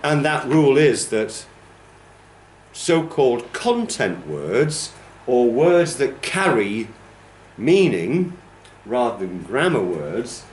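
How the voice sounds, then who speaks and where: Teaching a training class in an echoey classroom, this male TESOL trainer explains patiently and stretches out words to demonstrate exaggerated stress. His voice is mid-range, very animated and slow, with a little hiss or hum in the background.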